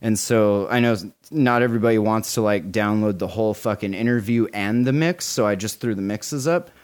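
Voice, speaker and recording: A man in his forties co-hosting a podcast, chatting casually, excited and swearing a lot. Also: on the low side, brisk, clean tone. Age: 40s. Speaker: podcast co-host.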